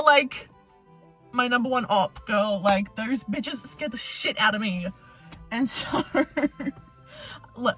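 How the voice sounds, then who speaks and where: Bright, animated young woman. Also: high voice. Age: young adult. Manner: animated, profane, rambling storyteller. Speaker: vlogger. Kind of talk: casual vlog chat.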